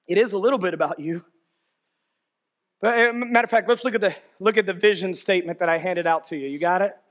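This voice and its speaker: A man preaching a sermon as a pastor, shifting between shouted exhortation and quiet, chatty storytelling. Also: sits high, fast talker.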